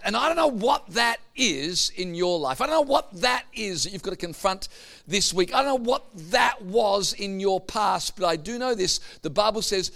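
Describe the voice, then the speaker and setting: A man preaches to his congregation, his voice sitting a little high for a man. He tells stories in a loose, chatty way, then builds up to emphatic, punchy points. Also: fairly bright tone. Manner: storytelling, building to emphatic peaks. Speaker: pastor. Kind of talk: sermon.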